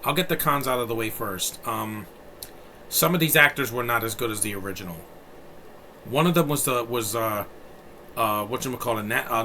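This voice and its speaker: A man's voice: mid-range voice, sharp tone, a little hiss or hum. A man in his thirties from New York City, giving a casual and blunt film review, rambling with plenty of fillers and profanity. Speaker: movie reviewer.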